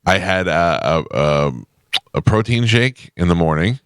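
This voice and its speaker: A man with a very deep voice banters on a morning radio show. His pitch swings widely as he rambles about himself with self-deprecating humor. The studio sound is dry and close. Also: expressive, slow pace, smooth, no echo.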